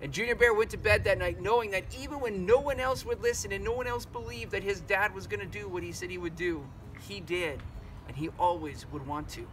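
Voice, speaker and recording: A man telling a Bible story to children as a church storyteller, animated and often repeating words as he goes. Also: high voice, brisk, recorded from a distance, a little hiss or hum. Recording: music bed behind voice.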